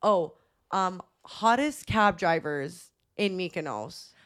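A woman's voice: lowish voice, lively intonation, takes it slowly, a bit bright, smooth. A young woman in her twenties co-hosting a podcast, telling travel stories in casual chat, leaning on "like" and acting out what people said. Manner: chatty storytelling, heavy use of "like", acts out quotes. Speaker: podcast co-host.

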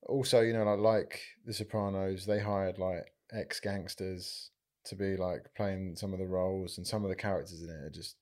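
A man's voice: sits low, flat delivery, moderate pace, darkish tone. A man who co-hosts a comedy podcast, chatting casually and hesitantly, often restarting. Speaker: podcast producer and co-host.

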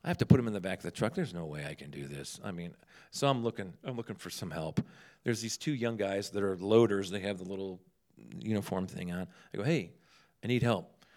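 A man's voice: deep voice, fairly quick. A man chatting casually, telling humorous stories and acting out the people in them. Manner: humorous, animated storyteller who acts out dialogue. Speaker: guest telling ministry stories. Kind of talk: casual storytelling chat.

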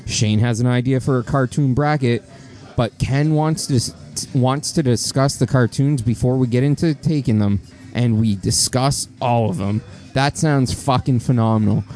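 A man's voice: mid-range voice, darkish tone. A man co-hosting a podcast, reading out promos in casual, profane, teasing banter. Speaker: podcast co-host.

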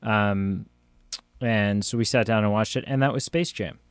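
A man's voice: fairly low pitch, normal speed, smooth, no room sound. A man co-hosting a podcast in casual chat, jokey and rambling, often trailing off and restarting. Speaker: podcast co-host. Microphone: phone that cuts out.

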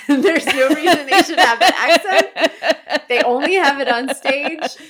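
A woman's voice: high voice, a little slow, fairly bright tone. A woman co-hosting a podcast as a comedian, chatting casually, laughing often and leaning on "like". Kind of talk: casual chat.

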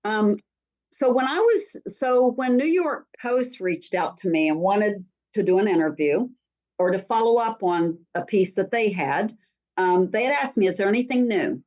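A woman's voice: mid-range voice, moderate pace. Storytelling woman on a muffled recording. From Alaska. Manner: animated storyteller with frequent ums and restarts. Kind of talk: conversational talk show storytelling. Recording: dull lo-fi sound.

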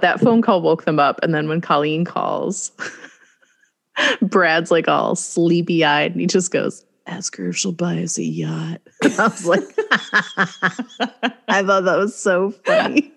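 A woman's voice: fairly low pitch, sing-song, measured pace, gravelly. A woman co-hosting a casual podcast chat, recapping a movie and laughing often as she talks. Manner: giggly, laughs often while talking. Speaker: podcast co-host.

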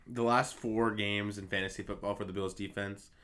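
A man with a low voice and a bright, forceful tone, chatting on a sports podcast. He reels off numbers in quick bursts. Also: steady tone. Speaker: podcast co-host. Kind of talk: casual sports chat.

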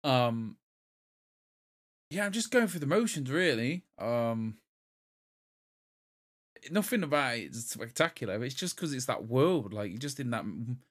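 Co-hosting a casual gaming podcast, this young man talks in a medium-pitched voice with big pitch swings, a slightly slow pace, and long pauses. He rambles, keeps restarting sentences, and laughs at his own jokes.

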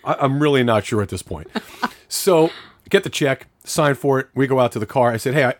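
A man's voice: medium pitch, fairly quick, dry recording. A man co-hosting a podcast, telling a long story in casual chat. He swears freely and acts out what people said. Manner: profane, animated storyteller acting out quotes.

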